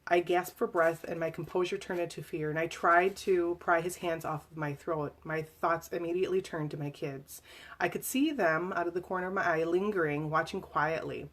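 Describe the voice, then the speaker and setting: A woman reading aloud from her own memoir to a live audience, emotional and halting, with fillers and restarts. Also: lowish voice, fairly even intonation.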